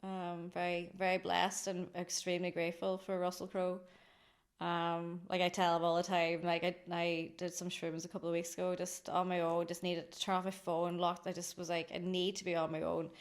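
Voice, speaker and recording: A woman's voice: lowish voice, monotone, a little fast. An Irish woman in her thirties, a company founder chatting effusively as a podcast guest and laughing often. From Ireland. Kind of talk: casual podcast interview.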